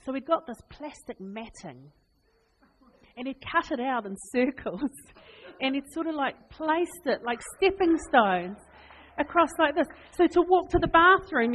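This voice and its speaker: A woman preaching a sermon, telling funny family stories with laughs and lively asides. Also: high-pitched, a little slow. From New Zealand. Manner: animated, laughing, chatty anecdotes. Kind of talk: humorous storytelling sermon. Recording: long reverb in a hall.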